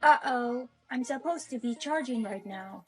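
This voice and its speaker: A woman voicing a curious young female AI robot who asks flat, literal questions. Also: fairly high pitch, a little slow, husky. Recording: faint background music.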